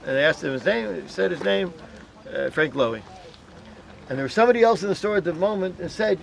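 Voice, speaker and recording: Gravelly guy telling a tour group a story outdoors, fairly high voice, acts out the voices. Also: a little fast, a little hiss or hum. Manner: animated, acts out voices in stories. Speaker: tour guide. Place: outdoors at a memorial site.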